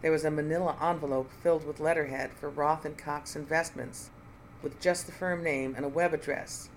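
A reader narrating a first-person mystery audiobook in an even, clear storytelling voice. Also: mid-range voice, normal speed, slight background noise, rough recording.

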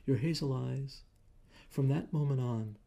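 An earnest, lovestruck lawyer pours out his heartfelt confession, as a male audiobook reader voices him. The tone is dark and gravelly, slightly raised in pitch. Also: a little slow. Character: earnest middle-aged man, shy lawyer confessing love. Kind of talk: audiobook character voice.

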